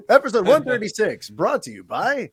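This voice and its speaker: A man hosting a casual podcast chat, talking in a chatty, animated way with quick asides. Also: high voice, crowd noise. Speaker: podcast host.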